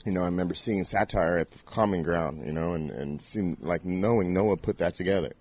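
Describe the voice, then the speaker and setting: A man's voice: low voice, fairly quick. A man in his forties, a DJ guest on a podcast, talking in a laid-back, profane, rambling way. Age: 40s. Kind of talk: casual chat. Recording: dull lo-fi podcast audio.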